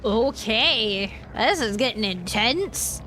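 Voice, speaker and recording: A woman chatting through her game stream, tossing out quick jokes about what happens on screen. Her voice is high, bright and very lively. A faint hum sits behind her. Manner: chatty, joking reactions. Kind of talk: casual let's-play commentary.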